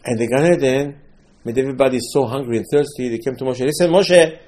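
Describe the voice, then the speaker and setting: Animated man teaching a Torah class. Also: medium pitch, quick pace. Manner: animated storytelling, swings between loud and soft; mixes Hebrew terms into English. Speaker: religious teacher.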